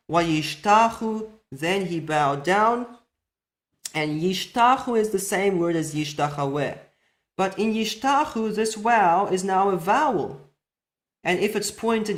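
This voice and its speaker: A teacher giving a methodical recorded lesson, slowing down to spell out each example word carefully. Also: mid-range voice.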